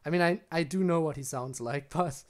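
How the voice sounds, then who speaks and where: A young man with a fairly high voice talks briskly while streaming a game. He chats casually with viewers, rambles, frequently restarts sentences, and answers questions from chat.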